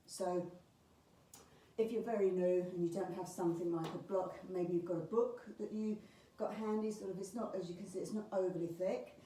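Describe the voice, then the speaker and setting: In a lowish voice at normal speed, the instructor guides her beginners Pilates students through each movement calmly, now and then using fillers. The camera sits across the room, giving a roomy, far-off sound with faint ambience and slight background noise.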